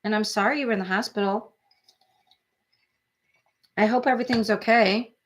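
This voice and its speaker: A woman's voice: mid-range voice, fairly even intonation, normal speed. A woman in her forties hosting a true crime livestream, chatting casually and rambling sympathetically as she reads viewer comments.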